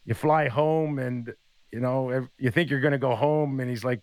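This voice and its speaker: A man's voice: mid-range voice, moderate pace, no room sound. A man in his fifties, a former hockey player, telling stories in a casual chat and acting out the quotes. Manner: animated storyteller acting out quotes.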